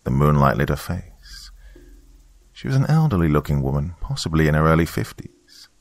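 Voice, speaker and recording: A man reading a first-person horror story in a measured, hushed storytelling manner. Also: a bass voice, sing-song, vocal fry, dry recording. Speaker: narrator. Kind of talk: scripted horror narration.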